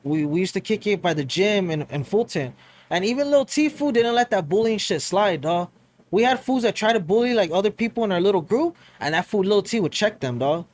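A man's voice: high voice, expressive, a little fast, dry recording. A young man co-hosting a podcast, chatting casually, swearing often and calling people dog and fool. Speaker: podcast co-host. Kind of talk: casual chat.

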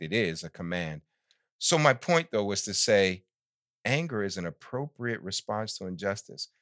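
Low-voiced man, measured and emphatic. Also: a bit bright, no room sound, studio quality. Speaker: guest author. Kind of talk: podcast interview.

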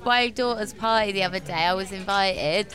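A woman's voice: mid-range voice, moderate pace, a bit bright. A woman in her thirties with a London accent, chatting casually as a guest, telling stories, laughing often and swearing freely. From England. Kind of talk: casual chat. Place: walking tour outdoors in the East End.

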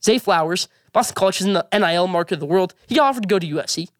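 Fast-talking man ranting about sports. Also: high-pitched, no echo, studio quality. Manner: emphatic, opinionated rant with repeated phrases. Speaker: sports show host. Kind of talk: sports opinion vlog.

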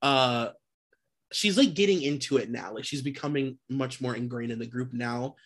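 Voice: medium pitch, normal speed, slightly rough. A podcast co-host in casual chat, slangy and swearing, often restarting words mid-sentence.

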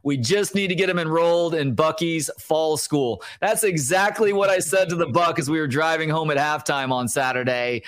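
A man's voice: on the high side, expressive, normal speed, few pauses, no room sound, studio quality. A man co-hosting a sports podcast, chatting and telling stories in casual talk. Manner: chatty, storytelling.

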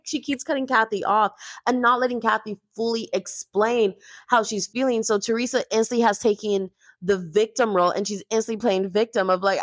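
A woman's voice: on the high side, moderate pace, dry recording, clean studio sound. A young woman recapping a reality show in a gossipy, chatty way, full of casual fillers. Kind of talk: casual chat.

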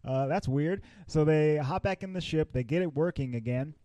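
A man's voice: fairly high pitch, brisk, mellow, dry recording, muffled recording. A man co-hosting a movie podcast in casual discussion, animatedly retelling scenes and often repeating his words. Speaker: podcast co-host.

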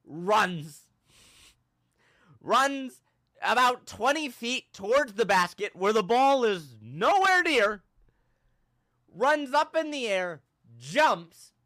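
A young man hosting a podcast, telling a funny story with animated, self-mocking drama and big swings in his voice. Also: very high voice. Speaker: podcast host. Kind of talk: comedic storytelling in casual chat.

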